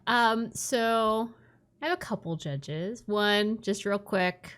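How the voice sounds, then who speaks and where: A woman's voice: medium pitch, takes it slowly, a bit bright, clean tone. A woman co-hosting a podcast in casual chat, sounding fed up and swearing casually. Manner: weary, exasperated, swears casually. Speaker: podcast co-host.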